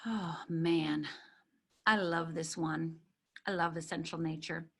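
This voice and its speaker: A middle-aged woman coaching and teaching, talking in an animated way and acting out little scenes. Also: slow, vocal fry, long pauses, slightly rough. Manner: animated, acts out a crying baby in a high voice. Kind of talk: teaching talk.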